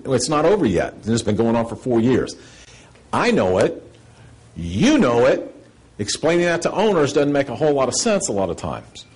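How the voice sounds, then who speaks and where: A man giving a seminar lecture, blunt and sarcastic, acting out quoted questions in a higher voice. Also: darkish tone, husky, low-quality recording.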